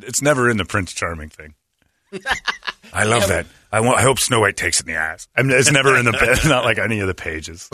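A man's voice: low-pitched, bright, forceful tone, husky, no echo. A man hosting a morning radio show, joking crudely and laughing often in a studio. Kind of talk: casual crude banter. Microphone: studio mic.

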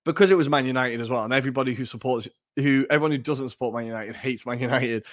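A man co-hosting a football podcast, telling stories in an animated, enthusiastic way. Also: mid-range voice. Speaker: podcast co-host. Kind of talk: casual chat.

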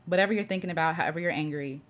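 A woman hosting a livestream, greeting viewers and slowly guiding breathing and spoken affirmations in an earnest tone. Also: on the low side. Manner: greets chat viewers by name. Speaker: livestream host. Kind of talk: guided reflection livestream.

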